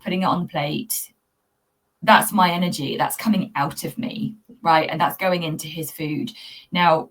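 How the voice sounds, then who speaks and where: A woman coaching pet owners in a talk-to-camera video, speaking in an earnest, reflective, gently spiritual way. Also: fairly low pitch. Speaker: cat anxiety coach. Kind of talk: talking-to-camera tips video.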